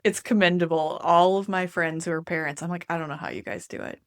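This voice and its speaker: A woman's voice: lowish voice, quick pace, no echo, clean studio sound. A woman co-hosting a podcast in casual chat, upbeat and laughing often. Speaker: podcast co-host and enneagram coach.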